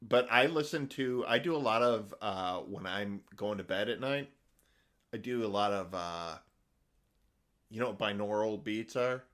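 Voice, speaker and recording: A middle-aged man co-hosts a podcast with a fairly low voice. He chats casually, wandering through his points with fillers and restarts. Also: measured pace, a bit bright. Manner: rambling, many fillers and restarts. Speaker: podcast co-host. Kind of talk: casual chat.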